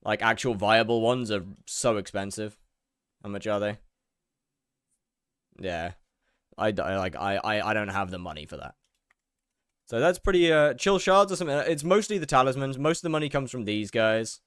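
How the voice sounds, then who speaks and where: A man's voice: on the low side, expressive, moderate pace, pauses often, a bit bright, clean tone, dry recording, clean studio sound. A young man chatting casually while he streams a game, rambling, repeating words and answering his chat.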